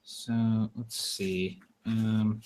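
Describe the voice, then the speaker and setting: A man's voice: lowish voice, little pitch movement, extremely slow, noisy background. A young man playing in a tabletop game, chatting casually and stumbling over his words. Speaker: player.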